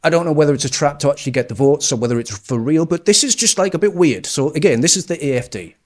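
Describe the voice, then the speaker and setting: A man's voice: on the high side, lively intonation, fast. A man giving sarcastic, mocking political commentary over clips. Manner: sarcastic, mocking, with scornful laughs.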